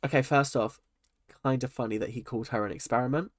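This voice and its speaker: A man's voice: medium pitch, fast talker, dry recording. Young male vlogger, exasperated ranting commentary, dry close sound. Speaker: reaction vlogger. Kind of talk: casual commentary on a reality show.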